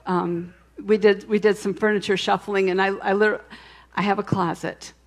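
A woman's voice: medium pitch, flat delivery, moderate pace. Woman preaching a candid personal testimony. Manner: candid storytelling with frequent restarts and asides. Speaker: speaker sharing a testimony. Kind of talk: conversational sermon testimony.

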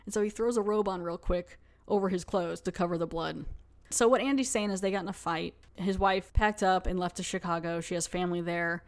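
A woman's voice: on the low side, brisk. A woman hosting a podcast, recapping a TV episode in a chatty, casual way full of fillers. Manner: chatty, lots of "like". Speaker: podcast host.

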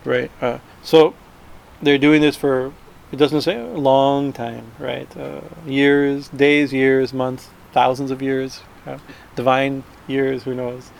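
A man at a middle pitch gives a scripture class, wandering through his points with restarts and a habit of asking "right?". Faint vehicle noise sits behind his voice. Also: fairly even intonation, takes it slowly, gravelly, low-quality recording. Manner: rambling, frequent "right?" tags and restarts. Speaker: spiritual teacher.

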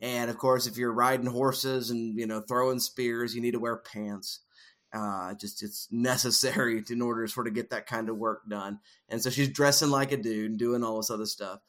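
A podcast co-host discusses film casually, explaining ideas at length in a thoughtful way with frequent fillers. His medium-pitched voice is fairly bright, with fairly even intonation at a moderate pace.

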